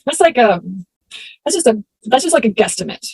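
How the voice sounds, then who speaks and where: A woman from Texas, in her thirties, telling stories as an interview guest in a chatty, animated way. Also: a little high, brisk, husky, no echo, low-quality recording. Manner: chatty, animated, acts out voices in anecdotes. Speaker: interview guest, storage investor. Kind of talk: casual interview storytelling.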